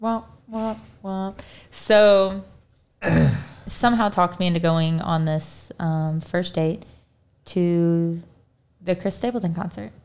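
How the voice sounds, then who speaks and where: A woman's voice: fairly low pitch, slow pace, long pauses, a little mellow, slight background noise. A young woman co-hosting a casual podcast, telling stories animatedly, acting out quoted dialogue and laughing often. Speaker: podcast co-host. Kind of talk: casual storytelling chat.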